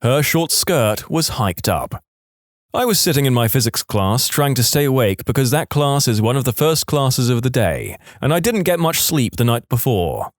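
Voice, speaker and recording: A man reading online stories aloud as scripted narration, expressive, with dry asides. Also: mid-range voice, no echo.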